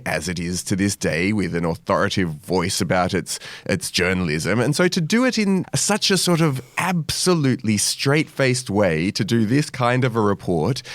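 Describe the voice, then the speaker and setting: A man co-hosting a history podcast, explaining a story in an emphatic, animated way. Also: fairly low pitch, dry recording. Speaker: podcast co-host. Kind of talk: casual chat.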